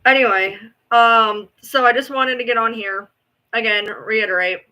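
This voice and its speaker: A woman chatting casually to her online viewers, blunt and swearing freely, with sudden swings into loud exasperation. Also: a little high, fairly even intonation, normal speed, low-quality recording. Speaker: online commentator. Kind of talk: casual livestream chat.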